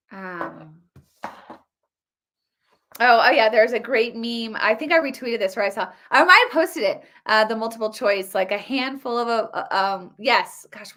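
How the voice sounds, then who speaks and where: A woman in her thirties talks through the news of the week on her own show in a loose, conversational way. She is emphatic and often restarts her sentences, her voice sitting a little high. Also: pushed and bright. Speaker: political commentary host. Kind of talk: casual solo commentary.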